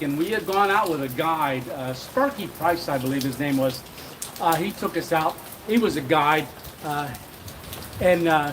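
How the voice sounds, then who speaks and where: A middle-aged man hosting a casual live stream, telling a rambling story with chuckles and lots of fillers. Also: fairly high pitch. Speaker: channel host. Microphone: handheld camera. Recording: rain noise behind voice. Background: rain.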